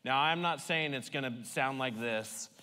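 A man preaching a sermon at a medium pitch, talking to his congregation like friends, with emphatic, playful repetition. His voice rings out with a long reverb in a church sanctuary. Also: moderate pace, sharp tone. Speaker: pastor.

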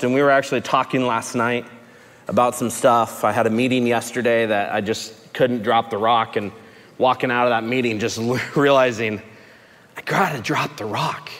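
A man preaching a sermon to a recovery group, telling a story with lively swings from shouting to soft, low speech. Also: in a large hall. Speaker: pastor at a recovery ministry. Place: large room with a gathered group.

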